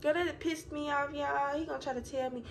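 Animated, profane young woman vlogger. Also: sits high, brisk, vocal fry. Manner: animated, profane, addresses viewers as y'all. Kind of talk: casual vlog storytelling. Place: hotel room. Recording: noisy phone recording.

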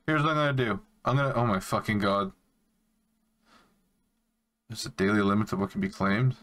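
A man's voice: lowish voice, normal speed, fairly bright tone, slight background noise. A young man streaming a game, chatting casually to his viewers and swearing freely. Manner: laid-back, swears a lot, talks to viewers. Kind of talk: casual live-stream chat while playing.

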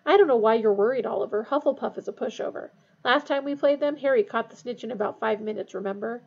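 A woman's voice: a little high, fast talker, vocal fry, a little mellow, breathy edge, highs cut off. Woman voicing a cocky teenage boy. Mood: impatient. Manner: impatient, offhand.

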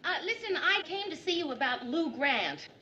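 An actress playing a polite, hesitant newsroom worker in a 1970s sitcom scene, heard over lo-fi old TV audio. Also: female voice, high voice, big pitch swings, moderate pace, bright, forceful tone, slight background noise, heavily acted. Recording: dull lo-fi old TV audio with crowd.

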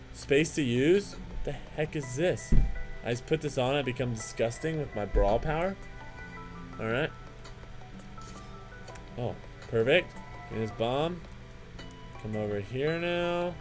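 An excitable young man commentating a video game, his voice leaping up and down as he trash-talks enemies and chants silly rhymes. He talks a bit high for a guy, and faint music runs underneath. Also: unhurried, long pauses. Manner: excitable, trash-talking, jokey asides, sing-song chanting. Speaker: gaming channel host. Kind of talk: let's play commentary.

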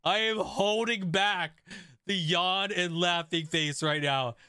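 A young man commentates his own online game stream, cracking up at other players and answering chat. His voice sits high and bright. It sounds close and dry, with no room around it. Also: takes it slowly, clean tone, dry recording. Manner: excitable, laughing, reacting to chat.

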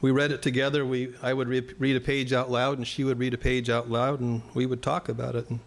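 A man's voice: medium pitch, flat delivery, fairly quick, vocal fry. A male pastor preaching a sermon in a church, earnest and plain-spoken, turning now and then to address the congregation directly.

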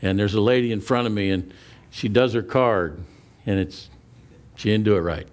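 A man preaching a sermon as pastor, telling personal stories with many restarts and repeated words, and slowing down for emphasis. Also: fairly low pitch.

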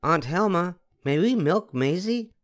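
An older man voicing an eager little girl who speaks in a bright, chirpy way. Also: high voice, animated, measured pace, voice pushed up. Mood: cheerful.

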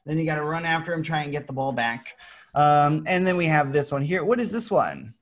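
An American man teaching English to children, playful and animated, with sound effects. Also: a little high, brisk.

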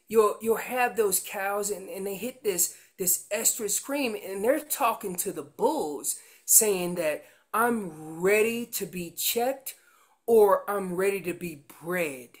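A man's voice: high-pitched, fairly bright tone. A man explaining how to make an elk call, teaching in an earnest way and often repeating words as he goes. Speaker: elk calling instructor.

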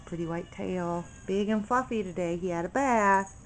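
A woman talking to her puppies in soft, affectionate baby talk while filming them. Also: lowish voice, normal speed, slight background noise. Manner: soft, affectionate, sing-song. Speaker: dog breeder showing puppies.

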